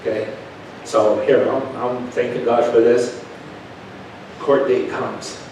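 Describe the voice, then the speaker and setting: A male preacher telling a testimony in an animated storytelling manner, swinging from hushed to loud. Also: slow pace. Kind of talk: sermon testimony. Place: church. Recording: echoey church from a distant mic with background rumble.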